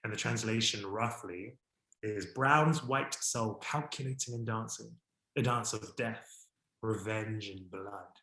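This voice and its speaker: A man giving a history talk, expressive and enthusiastic, lifting his voice when excited and reading a French poem aloud with care. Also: unhurried, roomy sound, rough recording. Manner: expressive, warm about his subject, rises in pitch and volume when excited. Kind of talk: presentation to an online audience.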